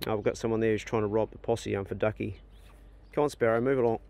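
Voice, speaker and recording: A man's voice: on the low side, fairly even intonation, quick pace, gravelly, background noise. A man, casually vlogging outdoors on his rural property and coaxing his dogs and ducks in a sing-song voice. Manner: easygoing, chatty, coaxing animals in a raised sing-song voice. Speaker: vlogger feeding his dogs and farm animals. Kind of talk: casual outdoor vlog, talking to animals. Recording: music playing behind the voice.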